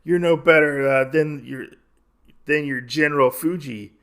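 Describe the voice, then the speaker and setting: A grieving village woman lashes out bitterly, then pleads, as a man puts her on. The voice stays gravelly and only slightly raised. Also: on the high side, measured pace, a bit bright.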